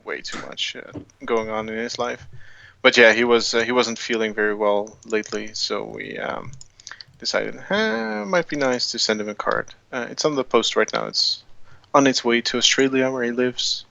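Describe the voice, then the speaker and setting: A man's voice: mid-range voice, steady tone, normal speed, creaky, sharp tone, muffled recording. A man on a podcast explaining something to listeners, hesitating with fillers along the way. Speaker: podcast co-host. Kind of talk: casual podcast chat.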